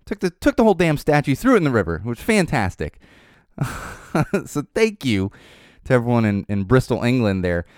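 A man hosting his podcast, talking in a casual, animated monologue, laughing often and swearing now and then. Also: mid-range voice, brisk, no room sound, studio quality. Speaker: podcast host.

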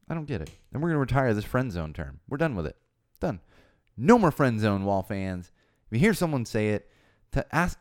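A man hosting a casual monologue for his followers, emphatic and animated, repeating his points, his voice getting hoarse. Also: medium pitch, no room sound, studio quality. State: voice going hoarse. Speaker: host of a personal talk show.

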